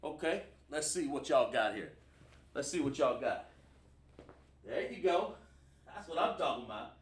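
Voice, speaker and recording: A man's voice: mid-range voice, sing-song, normal speed. A man teaching a livestreamed scripture class, emphatic and quizzing his online audience. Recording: roomy sound from a distant mic.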